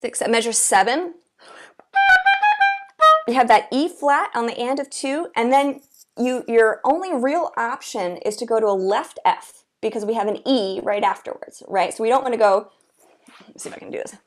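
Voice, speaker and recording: A woman's voice: on the high side, normal speed, faint music behind. A woman teaching an oboe masterclass, chatty and encouraging, singing rhythms aloud as she explains. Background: oboe playing.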